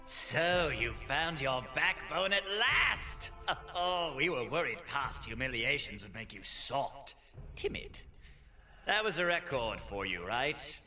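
Lofty sneering masked spymaster guy, really bright tone, lively. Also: medium pitch, slow, soft background music, heavily acted. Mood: mocking haughty. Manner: mocking, lofty, speaks of himself as "we". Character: masked male spymaster, mocking and haughty.

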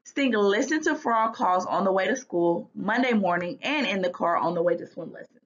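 A woman teacher reads a children's storybook aloud with expressive, lively delivery. Her voice is slightly husky. The recording sounds a little dull and lo-fi. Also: medium pitch, moderate pace. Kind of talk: reading a children's book aloud.

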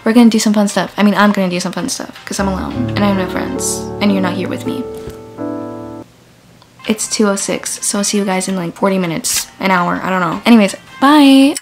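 A woman's voice: mid-range voice, brisk, over music, poor audio. A teenage girl vlogging at night from her bedroom into a camera on a tripod, chatty and self-mocking, often dropping into a whisper. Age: teens. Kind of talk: casual late-night vlog chat.

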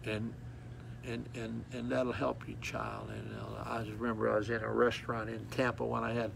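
Gravelly folksy male preacher. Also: medium pitch, moderate pace, background noise. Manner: folksy, repetitive, animated storytelling with acted child cries. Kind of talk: sermon.

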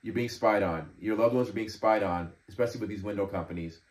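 A man's voice: lowish voice, quick pace, darkish tone. A man in his fifties hosting a casual commentary show, reading messages aloud with sarcastic, profane indignation and frequent laughter. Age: 50s. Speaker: host. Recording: roomy echo.

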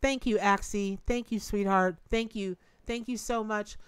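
A woman's voice: medium pitch, steady tone, a little slow, smooth, dry recording. A middle-aged woman hosting a live tarot reading, chatty and emotive, thanking viewers as she goes. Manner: folksy and emotive, thanks donors, says y'all and Lordy. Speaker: tarot reader and livestream host.

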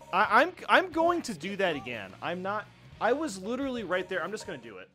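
A young man giving casual, jokey let's-play commentary, reacting loudly to the game as he plays. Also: sits high, brisk. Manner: excitable, jokey, yelps at the game. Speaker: gaming YouTuber. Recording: faint game music behind.

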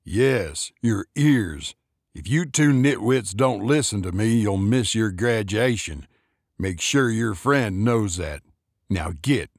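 A gruff older man with a low, menacing edge, as a male narrator puts him on. He barks short, clipped orders and has little patience. The voice sits deep and dry, with no room around it. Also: expressive, slow pace, no echo, full character voice.

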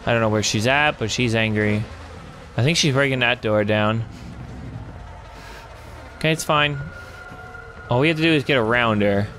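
A young man giving let's play commentary on a horror game, excitable and swearing, yelling in panic when chased. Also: medium pitch, moderate pace, pauses often, slight background noise. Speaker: gamer.

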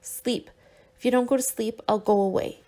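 A woman reader voicing a tender young man who gently coaxes and teases his sick lover in an audiobook. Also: on the high side, fairly even intonation, normal speed, natural voice. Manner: gentle and coaxing, with soft teasing.

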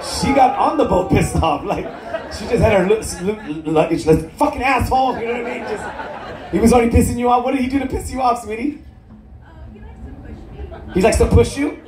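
A man's voice: extremely high pitch, brisk, pauses often. A man doing crowd-work stand-up on a cruise ship, teasing the audience with profane jokes and laughing at his own lines. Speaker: stand-up comedian. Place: cruise ship comedy club. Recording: echoey room, loud crowd laughter.

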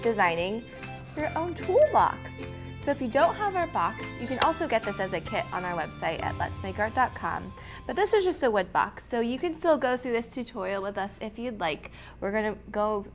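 A young woman hosting a casual art lettering tutorial, chatty and quick to laugh, with frequent ums and restarts. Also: mid-range voice. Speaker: art instructor and host.

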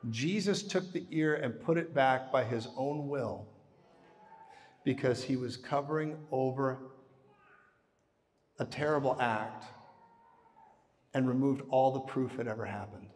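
A male preacher delivering a live sermon with a mid-range voice, telling the story with animation. He drops to hushed tones, then booms. His voice rings with long reverb through a large hall. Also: a little slow, pauses often.

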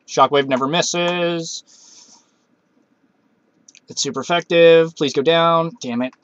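A man's voice: on the high side, slow pace, pauses often, fairly bright tone, clean tone, no room sound, lo-fi sound. A man giving casual commentary while playing a video game, talking to himself and cursing at setbacks. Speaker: Let's Play gamer.

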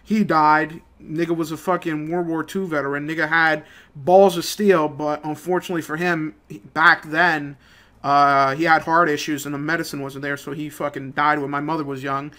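A young man ranting in a casual, profane, rambling way, swinging between low mutters and loud outbursts. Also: flat delivery, normal speed. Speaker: gaming channel host. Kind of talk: casual rant over gameplay.

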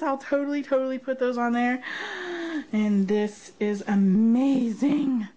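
A woman's voice: fairly high pitch, measured pace, mellow. A woman vlogger unboxing a gift box, gushing and gasping with delight. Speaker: craft vlogger. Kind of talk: unboxing vlog.

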